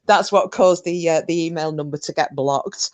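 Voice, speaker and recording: A woman's voice: deep voice, normal speed, a little mellow, no room sound. A woman hosting a casual chat, telling stories with frequent laughter and the odd swear. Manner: chatty storyteller, laughs often, swears. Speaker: stream host.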